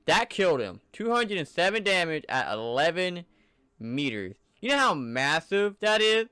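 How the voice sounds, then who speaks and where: A man's voice: sits high, very animated, normal speed, sharp tone, clean tone, no room sound, clean studio sound. A man giving casual, enthusiastic commentary over gameplay footage in a loose, conversational way. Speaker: gaming channel creator.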